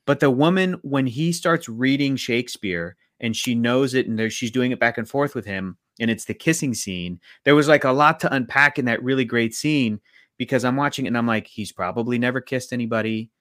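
A man co-hosting a podcast, reviewing a film in casual chat and acting out scenes in quick quoted voices. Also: mid-range voice, a bit bright, no room sound, clean studio sound. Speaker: podcast co-host.

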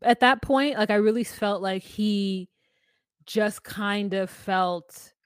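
A woman's voice: mid-range voice, takes it slowly, smooth, dry recording, studio quality. A woman co-hosting a podcast, giving reflective, casual commentary on a reality show. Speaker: podcast co-host.

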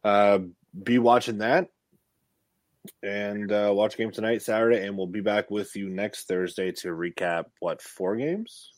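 A man's voice: on the low side, fairly even intonation, measured pace, no room sound. A man co-hosting a podcast in casual chat, teasing his friends with joking banter. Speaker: podcast co-host.

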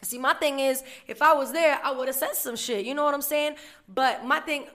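A woman casually telling a work story on a podcast, animated and profane, acting out the people in it. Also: high voice, moderate pace. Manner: animated, profane, acts out other people in her stories. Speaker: podcast co-host.

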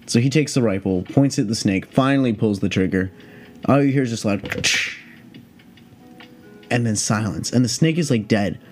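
Rambling, profane young man, high, low-pitched. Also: moderate pace, long pauses, a little mellow, faint music behind. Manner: profane, meandering, laid-back. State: high on cannabis. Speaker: podcast host. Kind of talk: rambling casual storytelling.

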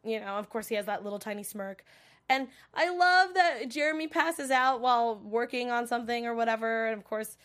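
A young adult woman gushes as she recaps a TV episode, her casual talk packed with "like" and "you know". Her voice is on the high side, fairly bright in tone and a little fast.

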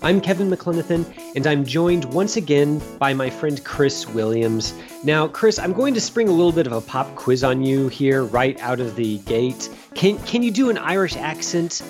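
A man's voice: a little high, moderate pace, hardly any pauses, over music. A man hosting a film podcast, chatting casually with many restarts and asides. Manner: relaxed, rambling with restarts. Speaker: podcast host.

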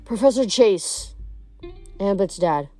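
Woman doing a tough teen girl, blunt and brisk, storybook reading. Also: mid-range voice, animated, mellow, no room sound, faint music behind, lightly acted. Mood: urgent. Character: tough teenage girl, blunt and quick-thinking.

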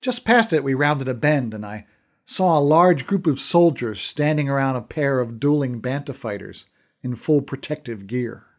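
A man's voice: mid-range voice, animated, normal speed. A man reading a fantasy novel aloud in first person, with wry, conversational storytelling. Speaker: audiobook narrator. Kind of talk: scripted first-person narration.

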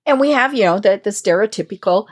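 A woman from the mountains of Colorado hosting a casual conversation, chatty and quick to murmur agreement. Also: mid-range voice, husky. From Colorado mountains, USA. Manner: animated, frequent affirming murmurs.

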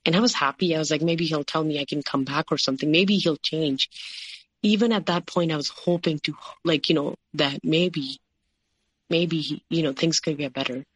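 A woman shares her own story in an interview, leaning on fillers such as "like" and "you know" and repeating other people's words. Her low-pitched voice is steady, moderately paced and slightly rough, in a dry recording.

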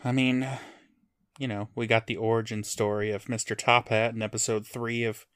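A man's voice: lowish voice, flat delivery, moderate pace, a bit bright, smooth, dry recording. A man co-hosting a podcast in casual chat, dropping dry, joking asides. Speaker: podcast co-host.

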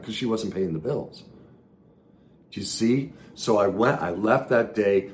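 Deep-voiced earnest motivational man. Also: measured pace, slight background noise. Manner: earnest, emphatic, swings between loud and soft. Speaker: self-help speaker. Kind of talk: motivational talk to followers.

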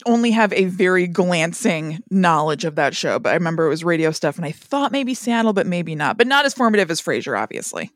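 A woman hosting a podcast in casual chat, laughing often and adding quick asides. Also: lowish voice, big pitch swings, dry recording, studio quality. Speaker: podcast host.

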